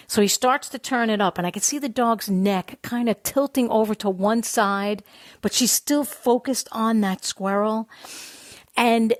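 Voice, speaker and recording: Animated woman telling a story. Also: on the high side, unhurried, no echo. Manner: animated, acts out quoted voices. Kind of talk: casual storytelling. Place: New York City.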